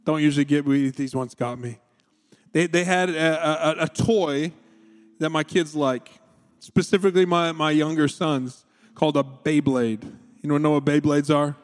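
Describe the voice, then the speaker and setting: A man in his thirties preaching a sermon, telling a family story with animated delivery and voicing his children. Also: moderate pace. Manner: storytelling, animated, quoting his kids with raised pitch. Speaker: pastor. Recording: long hall reverb.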